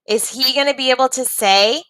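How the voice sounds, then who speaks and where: A woman teaching a reading lesson, pausing to ask the class encouraging questions. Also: high voice, pushed and bright, no echo.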